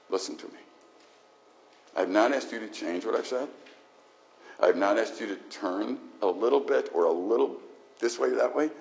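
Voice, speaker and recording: A man's voice: fairly low pitch, gravelly, highs cut off. A man voicing God as a stern figure firmly correcting a leader.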